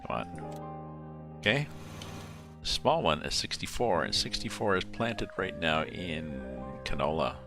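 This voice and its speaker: A man streaming a farming game live, chatting casually and thinking aloud as he plays, mumbling asides and working out sums slowly. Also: deep voice, lively intonation. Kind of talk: casual live-stream commentary while playing. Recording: music playing clearly behind the voice. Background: background music.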